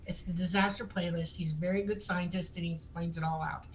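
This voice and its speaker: A woman, a guest on a talk show, giving emphatic advice and filling pauses with um and uh. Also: on the low side, steady tone, a little hiss or hum, poor audio. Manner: emphatic advice with many um fillers.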